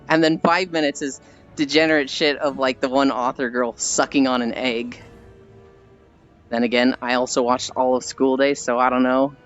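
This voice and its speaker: A man's voice: medium pitch, level tone, normal speed, a bit bright, muffled recording, faint music behind. A man streaming while walking, chatting casually with his viewers and rambling through stories in put-on voices. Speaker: livestreamer.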